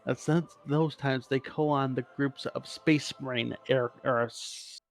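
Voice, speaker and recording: A man's voice: medium pitch, fairly even intonation, a little slow, creaky, soft background music. A man co-hosting a casual podcast, explaining game lore in a rambling, profane way and correcting himself as he goes.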